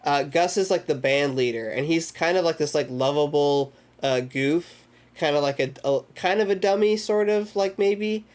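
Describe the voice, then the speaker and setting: A man's voice: a little high, normal speed. Rambling man recapping a movie. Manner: rambling, many filler words; energetic retelling of scenes. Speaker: movie discussion host. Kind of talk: casual film recap chat.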